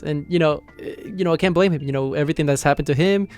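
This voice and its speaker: Man, casual manga review, rapid delivery, rambling, lots of fillers, soft music behind. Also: fairly high pitch. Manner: rambling, leans heavily on "you know". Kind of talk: casual manga chapter recap.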